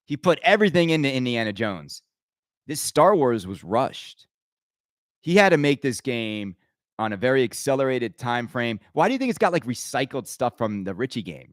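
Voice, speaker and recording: A man's voice: medium pitch, dry recording. Fired-up man ranting, dry close sound. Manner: emphatic and rambling, with frequent stammered restarts. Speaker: podcast host. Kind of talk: opinionated podcast rant.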